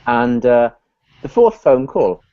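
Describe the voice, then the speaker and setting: A man, a business consultant guest on a live video chat, telling lively anecdotes and acting out the voices of people in them. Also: mid-range voice, slow, dry recording, highs cut off. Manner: animated, acts out voices in his anecdotes.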